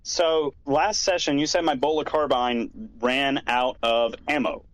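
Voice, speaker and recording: A man's voice: mid-range voice, steady tone, a little slow, a bit bright, dry recording, rough recording. A man playing in a tabletop game, asking the game master plain rules questions. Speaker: player.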